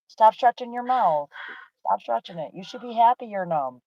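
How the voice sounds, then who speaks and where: A woman's voice: a little high, animated, moderate pace, no room sound, muffled recording. A middle-aged woman chatting on a livestream from her parked car, talking in a chatty, soothing and teasing way. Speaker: livestream host and mother. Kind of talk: casual live chat.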